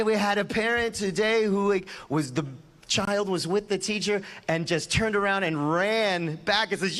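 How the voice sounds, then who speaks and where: A man's voice: high-pitched, fairly bright tone. A man in his forties, a rabbi telling a personal story in a casual sermon and often tossing in "right?". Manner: chatty, with rhetorical "right?" asides.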